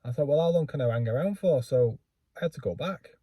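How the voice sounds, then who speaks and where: Mellow-voiced man telling a rambling story. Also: mid-range voice, lively intonation, fairly quick, husky, no echo. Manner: rambling, self-deprecating, lots of fillers and restarts. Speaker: book vlogger. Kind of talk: casual storytelling.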